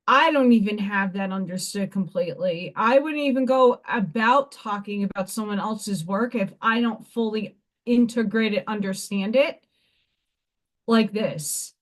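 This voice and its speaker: A woman hosting a casual live craft stream from home, chatting and rambling to herself as she works. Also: on the high side. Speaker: livestream host.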